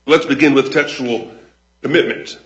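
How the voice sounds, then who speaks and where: A man giving a formal oral argument as counsel before a high court, measured and deliberate with frequent restarts. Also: a bit bright, lo-fi sound. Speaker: attorney arguing an appeal.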